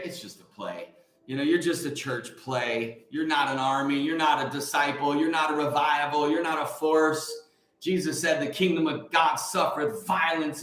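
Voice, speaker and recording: Brief: male livestream host, high voice, preacher cadence, quiet asides bursting into shouts, roomy echo. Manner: swings from quiet asides to shouted revival fervor. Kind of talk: preacherly storytelling to a live chat.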